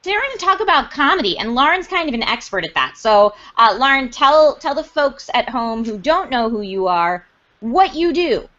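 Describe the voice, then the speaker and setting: A woman's voice: high voice, very animated, moderate pace, fairly bright tone, muffled recording. A woman hosting a casual chat show, bubbly and upbeat. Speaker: podcast host.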